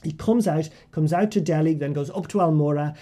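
Animated Irish man telling stories. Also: fairly high pitch, brisk. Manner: vivid, self-mocking storyteller who restarts phrases. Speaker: guest writer. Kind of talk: animated storytelling in conversation.

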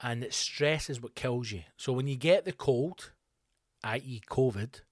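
Rambling comedian, dry mic. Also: male voice, medium pitch, no echo. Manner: rambling, animated, profane. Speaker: comedian and podcast host. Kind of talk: comic storytelling monologue.

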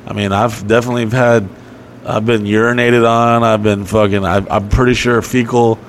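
A man's voice: fairly low pitch, level tone, moderate pace, slight background noise. A man casually telling long, profane stories on a podcast, laughing as he goes. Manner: profane, rambling, laughing storyteller. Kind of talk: casual storytelling chat.

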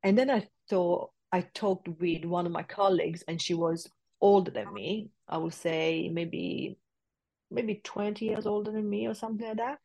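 A woman in her forties with a fairly low voice tells her story with lively energy, often breaking into laughter and acting out old conversations. The sound is dry and close, with almost no room echo. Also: normal speed, gravelly. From south-west London. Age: 40s. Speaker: interview guest, yoga teacher. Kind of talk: casual storytelling interview.

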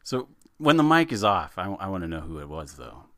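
Animated low-voiced man chatting. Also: brisk, no echo, studio quality. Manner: animated, laughing, repeats words when starting sentences. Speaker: podcast co-host. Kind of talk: casual chat.

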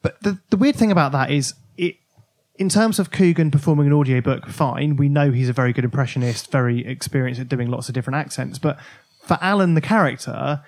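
A man's voice: medium pitch, brisk, darkish tone. A man hosting a casual podcast chat, reading passages from a book aloud in a wry way and laughing along. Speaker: podcast host.

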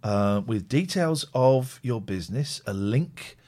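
A man's voice: mid-range voice, animated, takes it slowly, darkish tone. A man from the United Kingdom hosting a live stream show in casual, rambling, blunt chat. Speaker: show host.

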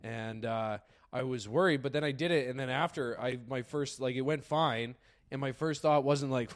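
A man comedian, a guest on a podcast, chatting in a relaxed, rambling way. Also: mid-range voice, moderate pace. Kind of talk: casual chat.

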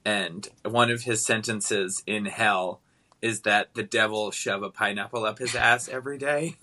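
Bright-voiced man, animated podcast chat. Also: fairly low pitch. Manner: animated, rambling, often laughing. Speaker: podcast co-host. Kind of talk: casual chat recapping a TV episode.

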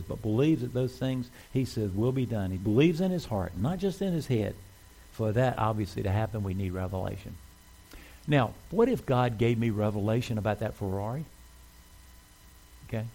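A man's voice: lowish voice, lively intonation, normal speed, vocal fry, long pauses, warm tone, rough recording. A man preaching a sermon in a church, talking conversationally and asking the congregation questions. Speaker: pastor.

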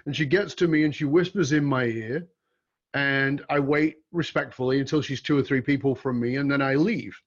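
A middle-aged man from Australia, hosting an interview and telling stories in a relaxed, anecdotal way with some hesitant fillers. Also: medium pitch, moderate pace. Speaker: host. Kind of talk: conversational interview, storytelling. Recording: dull lo-fi audio.

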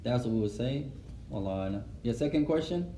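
A man's voice: mid-range voice, lively intonation, fast talker, slight background noise. Man teaching in an echoey mosque hall. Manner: mixes Arabic phrases into English, gently instructive. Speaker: teacher answering questions. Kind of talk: mosque lesson with questions. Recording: roomy echo, voice from far off.

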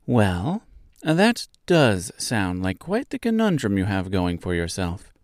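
A man voicing a tiny, proud female mouse queen in an audiobook, with a high, squeaky voice and grand, formal phrasing. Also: huge pitch swings, slow pace, no echo, studio quality, full character voice. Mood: reassuring. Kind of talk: audiobook character voice.

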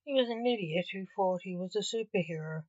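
A woman narrating a story in an even, measured reading. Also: medium pitch, no room sound. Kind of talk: scripted narration. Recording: dull, dry recording.

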